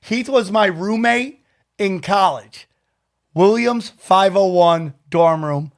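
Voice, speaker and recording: A middle-aged man with a high voice hosts a podcast in casual chat. He gets excited, swears freely and acts out both sides of the conversations he retells. The studio sound is dry and close. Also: takes it slowly, dry recording. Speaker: podcast host.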